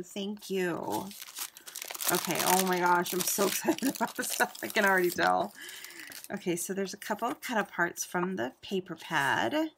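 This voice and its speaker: A woman hosting a casual craft unboxing, gushing and exclaiming over each item and sometimes dropping to a hushed near-whisper. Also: on the low side, normal speed, creaky, noisy background. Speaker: craft channel host.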